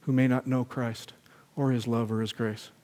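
A man's voice: medium pitch, flat delivery, moderate pace. A man preaching a sermon in a church, telling a parable and leading a prayer in an earnest voice. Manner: storytelling, earnest, then gentle prayer. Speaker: pastor. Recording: echoey hall reverb.

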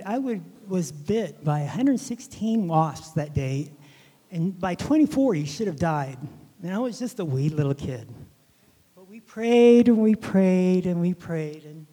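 Guy rambling thru a childhood story for a bible class, soft mellow voice, echoey hall. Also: high-pitched. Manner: rambling, halting storyteller with many restarts. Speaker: Bible lesson teacher. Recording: long hall reverb.

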